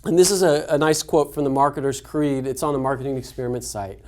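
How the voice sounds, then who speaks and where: A man's voice: medium pitch, fast talker. Male webinar host, casual and conversational, lots of "you know" and restarts. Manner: conversational, frequent fillers and restarts.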